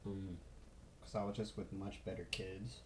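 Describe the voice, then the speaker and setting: A man's voice: low voice, little pitch movement, a little slow, slight background noise. Rambling man on a roomy phone recording. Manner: rambling, loose, full of fillers. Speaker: vlogger. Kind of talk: casual rambling vlog.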